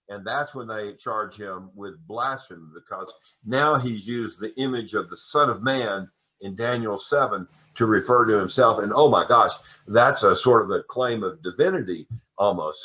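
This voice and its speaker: A man teaching an adult Sunday school class, lecturing on scripture in a relaxed, chatty way with folksy asides. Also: lowish voice. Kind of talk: conversational Bible lecture. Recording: dull lo-fi recording.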